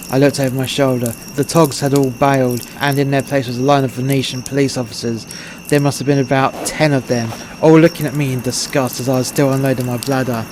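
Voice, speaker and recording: An English man reads a story aloud in a crude, blunt way. His voice stays flat, with little rise or fall, over a faint background hiss. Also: mid-range voice, fast talker. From England. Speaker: narrator. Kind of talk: scripted narration of a short story.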